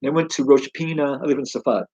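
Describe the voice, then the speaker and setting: Enthusiastic man teaching Torah, husky voice. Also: medium pitch, fast, a little mellow, muffled recording. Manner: enthusiastic, conversational, exclaims wow. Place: home study.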